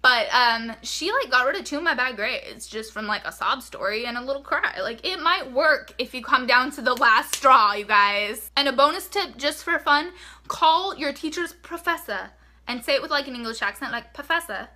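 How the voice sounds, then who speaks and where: Bright, chatty young woman vlogger. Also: high-pitched, expressive, normal speed, hardly any pauses. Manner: chatty, frank, fills speech with "like". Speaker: vlogger giving college tips. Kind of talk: casual advice vlog.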